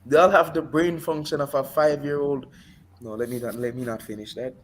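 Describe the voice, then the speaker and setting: A man co-hosting a casual sports podcast, telling animated stories with playful exaggeration. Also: medium pitch, fairly quick. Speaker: podcast co-host. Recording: faint background noise.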